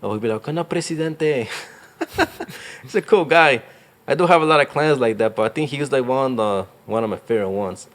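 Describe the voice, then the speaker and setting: A man's voice: mid-range voice, expressive, a little fast. A young man, a real estate agent, talking casually in an interview, rambling with lots of fillers and slang. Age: young adult.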